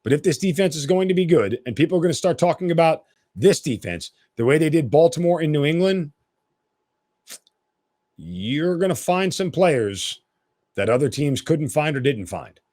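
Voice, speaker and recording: Male solo sports podcaster, opinionated and lively, dry booth sound. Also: a little high, moderate pace, no echo. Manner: animated, opinionated, blunt. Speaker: podcast host.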